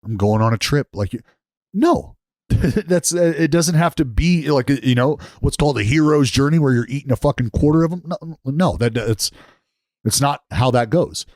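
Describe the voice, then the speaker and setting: A man's voice: on the high side, animated, moderate pace, a little mellow, no room sound, clean studio sound. A man in his thirties talking on a casual podcast, blunt and profane, telling stories with heavy emphasis. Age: 30s.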